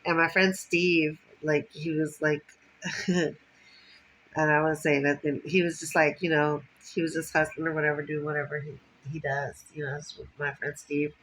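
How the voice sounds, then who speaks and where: A woman's voice: sits low, little pitch movement, moderate pace, fairly bright tone, low-quality recording. A woman telling rambling stories from her life in a casual monologue, swearing and laughing often. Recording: faint background noise.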